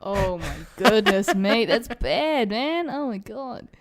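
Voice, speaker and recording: A woman's voice: a little high, animated. A woman co-hosting a casual podcast chat, wry and sarcastic. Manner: wry, sarcastic, quick with jokes. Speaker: podcast co-host.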